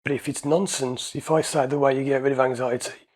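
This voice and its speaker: A man's voice: mid-range voice, fairly even intonation, brisk, background noise. A man, an anxiety coach and hypnotherapist, explaining his ideas in a casual, conversational way and repeating his points.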